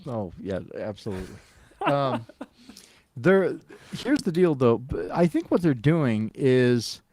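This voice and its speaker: A man's voice: medium pitch, sing-song, slow pace, darkish tone, slight background noise. A man co-hosting a podcast in laid-back casual chat, easygoing and agreeable. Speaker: podcast co-host.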